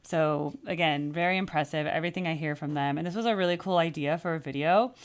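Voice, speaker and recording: A woman's voice: sits low, quick pace. A woman vocal coach giving casual, enthusiastic reaction commentary, chatting freely and now and then singing short phrases to demonstrate.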